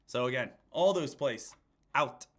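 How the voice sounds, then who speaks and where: A young man hosting a live stock-trading stream, energetic, talking straight to his viewers. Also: medium pitch, a little slow. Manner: energetic, addresses viewers as traders. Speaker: host, stock trader. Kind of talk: live-stream market talk.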